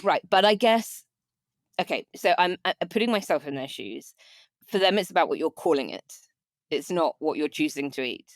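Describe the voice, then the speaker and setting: A woman's voice: fairly low pitch, animated, normal speed, dry recording. A woman co-hosting a podcast, reading out news and chatting with easy laughter on a close mic. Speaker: podcast co-host. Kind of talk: casual news chat.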